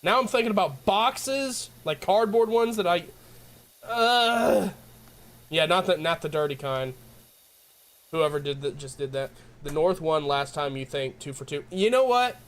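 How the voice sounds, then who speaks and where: A man's voice: fairly high pitch, measured pace, fairly bright tone. A tired young man with a Southern US accent, rambling and giggling as he chats with his stream viewers. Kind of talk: casual chat with viewers.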